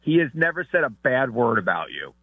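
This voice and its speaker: A man's voice: mid-range voice, fairly quick, breathy edge, no room sound. A man calling in as a guest, teasing the host in talk radio banter. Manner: teasing, lively. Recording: tinny phone line.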